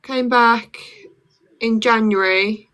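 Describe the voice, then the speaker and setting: A woman's voice: on the high side, steady tone, slow, a bit bright, clean tone. A young woman with a Black Country accent, chatting casually on a phone livestream and filling her talk with "like". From Birmingham, England. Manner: chatty, lots of "like" fillers.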